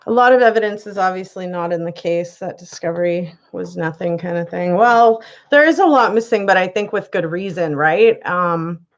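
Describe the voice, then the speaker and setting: A woman's voice: lowish voice, normal speed, few pauses, highs cut off. A woman hosting a casual live chat, greeting viewers by name and laughing often as she reads their comments. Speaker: live-stream host reading viewer comments.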